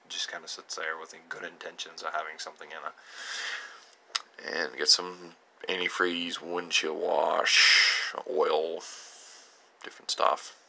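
A man's voice: very deep voice, level tone, a little slow, vocal fry, bright, forceful tone, breathy edge. A young man showing viewers around his home workshop, rambling through stories and chuckling as he goes. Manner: rambling storyteller with frequent chuckles. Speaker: channel host. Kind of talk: casual workshop tour narration.

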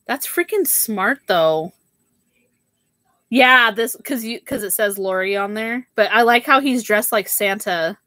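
Young woman chatting slow on a live sale stream, bright voice, dry close sound. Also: mid-range voice, dry recording. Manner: chatty, says "like" and "girl" a lot. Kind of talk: casual livestream chat.

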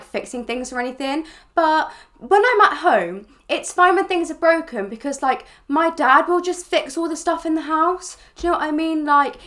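A young woman talks in a high, light voice, rambling casually and scattering fillers as she reacts. She sounds relaxed and conversational, in her twenties. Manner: chatty, rambling, filler-heavy. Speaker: reaction video host. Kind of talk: casual chat.

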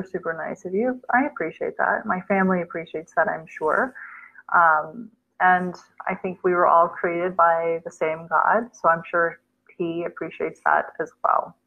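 Chatty woman hosting a lo-fi livestream. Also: on the low side. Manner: chatty, reads out viewer comments, mixes in Urdu words. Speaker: livestream host answering viewer questions. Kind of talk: casual live chat. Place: Islamabad. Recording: dull lo-fi sound.

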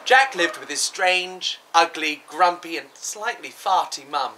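A man's voice: fairly high pitch, lively intonation, a little slow, pushed and bright, slight background noise, poor audio. A man co-hosting a comedy podcast, narrating a silly fairy tale with dry, mock-exasperated asides. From England. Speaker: podcast co-host. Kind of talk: comic storytelling.

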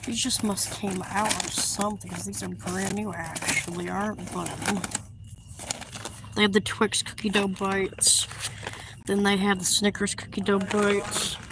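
A woman's voice: medium pitch, little pitch movement, slow, long pauses. A woman vlogging as she shops in a store, rambling and giggling to herself. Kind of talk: casual chat while shopping. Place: inside a busy store. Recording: noisy store background.

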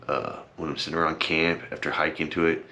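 Deep-voiced young man, rambling thanks. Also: little pitch movement, fairly quick, pushed and bright. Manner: rambling, earnest, many fillers and repeated thanks. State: emotional, teary at times. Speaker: vlogger. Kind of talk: casual heartfelt vlog talk.

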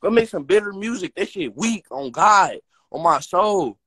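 Young male rapper, high-pitched voice, profane and heated, ranting to his live-stream viewers. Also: expressive, normal speed, pushed and bright, breathy edge. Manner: heated, profane, slangy trash talk.

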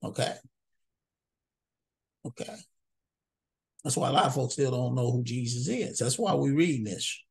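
A man's voice: medium pitch, expressive, moderate pace, gravelly, long pauses, husky. A man teaching through scripture verse by verse in a casual, conversational way, often stopping to ask "okay?" and repeating words as he goes. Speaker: Bible teacher.

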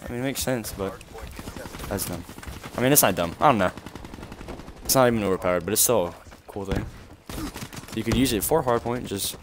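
A young man giving live gameplay commentary, animated and trash-talking, with sudden shouts at opponents. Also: fairly low pitch. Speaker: gaming commentator. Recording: game gunfire noise behind the voice. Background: in-game gunfire and explosions.

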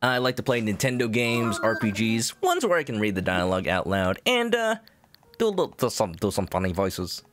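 A man's voice: on the low side, sing-song, a little fast, background noise. A man streaming a video game, chatting casually and jokily with his chat. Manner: chatty, jokey, talks to chat.

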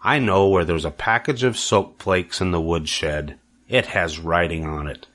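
A man's voice: low-pitched, unhurried, a bit bright. An older man voicing a grumpy, greedy male rat who answers in sarcastic grumbles in a storybook reading. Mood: grumbling.

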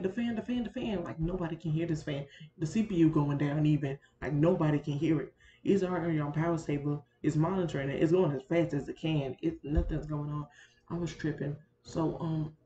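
A woman's voice: low voice, warm tone. A young woman talking casually through a screen-recorded gaming vlog, chatty and complaining, constantly speaking to her viewers as y'all. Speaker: Sims content creator. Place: indoors at a computer. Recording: roomy, dull built-in mic with faint fan noise.

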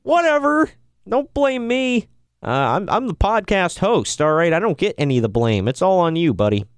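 A man's voice: high voice, normal speed, smooth, no room sound. A man co-hosting a wrestling podcast, chatting casually and joking around with frequent laughs. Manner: jokey, laughs often, excitable. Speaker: podcast co-host.

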